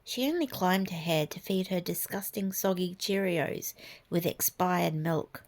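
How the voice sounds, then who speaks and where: A woman reading a fairy tale aloud, softly and half-whispered. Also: medium pitch, vocal fry. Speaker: storyteller. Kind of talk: storybook reading.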